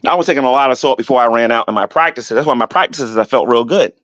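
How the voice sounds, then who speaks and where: A middle-aged man ranting on his vlog, animated and defensive, repeating himself and climbing higher when heated. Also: fast, dry recording, dull audio. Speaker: YouTuber. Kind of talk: rambling vlog rant.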